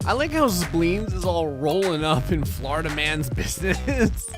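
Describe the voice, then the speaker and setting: A man giving sarcastic, comedic commentary over a life-sim game, often jumping into silly high voices. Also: big pitch swings, a little slow, over music. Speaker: gaming channel host.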